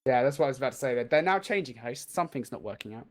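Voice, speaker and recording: A young English man co-casting an esports match, chatty and quick to laugh in rambling asides. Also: mid-range voice, expressive. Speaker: esports caster. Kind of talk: live match commentary.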